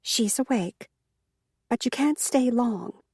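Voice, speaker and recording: A woman voicing a young house maid, soft, sorrowful and guarded. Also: a little high, expressive, slow pace, breathy edge, no room sound, studio quality, heavily acted. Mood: hushed.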